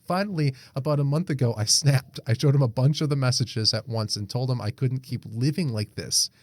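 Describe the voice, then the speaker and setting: Swearing podcast co-host. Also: male voice, medium pitch, brisk, a little mellow, no echo, clean studio sound. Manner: swears freely, laughs often, acts out quoted lines. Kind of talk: casual chat, reading a Reddit post aloud.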